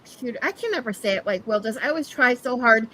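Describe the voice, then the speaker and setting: A woman hosting a relaxed stream chat, her voice sitting a little high for a woman. She giggles often and swears casually as she talks. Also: quick pace, rough recording. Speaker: stream host.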